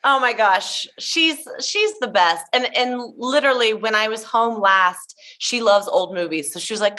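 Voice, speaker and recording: A woman from Tennessee in her thirties, a guest chatting in an interview, telling animated stories full of "like" fillers. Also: fairly high pitch, normal speed, few pauses. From Tennessee, USA. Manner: gushing, animated storyteller with many "like" fillers. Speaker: guest, show emcee. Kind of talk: casual interview chat.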